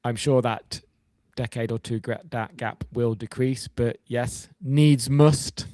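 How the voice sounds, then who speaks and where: Wry podcast co-host, dry sound. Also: male voice, mid-range voice, steady tone, slow, dark tone, dry recording. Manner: wry, jokey, reads then riffs. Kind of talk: casual chat reading an essay.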